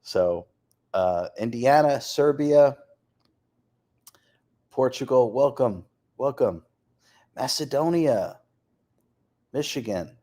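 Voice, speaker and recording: An author hosts a live stream, a lively man chatting casually and reading out viewer comments, including places and names, and laughing often. His voice is medium in pitch, with a slow pace and long pauses.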